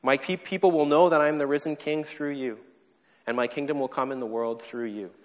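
A man preaching a sermon at an ordinary mid-range pitch, his voice carrying a long reverb through a church hall. He explains things in a relaxed, conversational way and makes light of himself along the way. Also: fairly quick. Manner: conversational and self-deprecating, with playful asides. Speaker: pastor.

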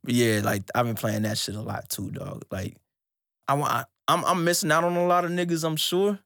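A young male podcast co-host talks about music casually, animated and profane, jumping into a high, excited voice whenever he quotes himself. He speaks fairly quickly, in studio-quality audio with no echo.

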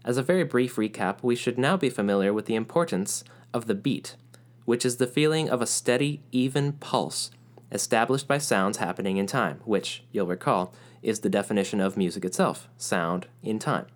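A man narrating a music lesson in a clear, explanatory way, now and then chanting rhythm syllables aloud. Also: lowish voice, normal speed. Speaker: music teacher.

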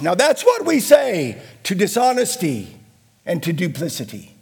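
A middle-aged male pastor preaching a sermon, emphatic, swinging from hushed lows to loud shouted declarations, with a husky voice. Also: huge pitch swings, unhurried.

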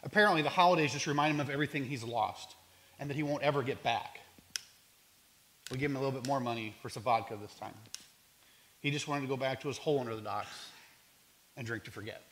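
A man's voice: medium pitch, fast talker, pauses often, fairly bright tone. An earnest man recounting stories from his outreach work, reflective and sincere as he talks. His voice sits in an ordinary middle range, and he sometimes stops and restarts a phrase. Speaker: homeless outreach worker. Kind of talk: storytelling talk.

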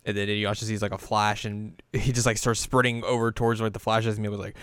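A man co-hosting a casual podcast, recapping an anime episode and acting out the characters' lines in quick asides. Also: lowish voice, level tone, fairly bright tone, clean tone, no echo, studio quality. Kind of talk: casual chat.

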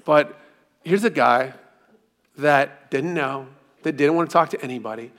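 A man delivers a sermon in a relaxed, chatty manner, his voice sitting a little higher than most men's. He poses rhetorical questions to the congregation and slips into humorous personal stories. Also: measured pace. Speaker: pastor.

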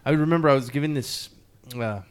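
A man hosts a podcast, chatting casually and earnestly in an interview setting. His mid-range voice moves briskly and smoothly, though his talk is loose and rambling, packed with fillers, and emotionally open.

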